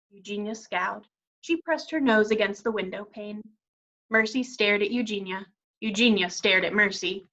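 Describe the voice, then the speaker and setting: A woman teacher reading a children's story aloud in a clear, expressive way. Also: mid-range voice, moderate pace. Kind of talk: children's read-aloud narration. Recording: dull lo-fi recording.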